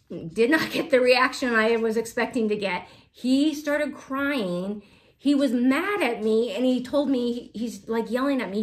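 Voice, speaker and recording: Chatty thirtysomething woman doing a stitching vlog, rambly, laughs a lot, medium pitch. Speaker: Flosstube cross-stitch vlogger. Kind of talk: casual chat to viewers.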